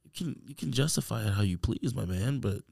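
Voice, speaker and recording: Gravelly and low, with a voice that swings up and down a lot. He hosts a loose podcast chat, teasing his guest and laughing easily. The talk is relaxed and playful. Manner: joking, teasing, quick to laugh. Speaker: podcast host. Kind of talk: casual chat.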